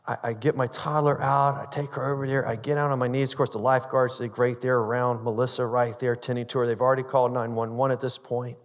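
A man's voice: mid-range voice, little pitch movement, quick pace, hardly any pauses. A male pastor preaching a sermon and telling a personal story earnestly, often stumbling and repeating words. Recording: long reverb of a large hall.

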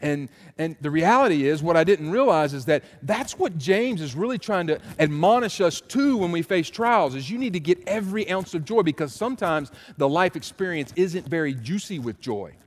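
A middle-aged man preaching a sermon as pastor, animated and emphatic with repeated refrains. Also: fairly high pitch, normal speed, few pauses. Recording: long hall reverb.

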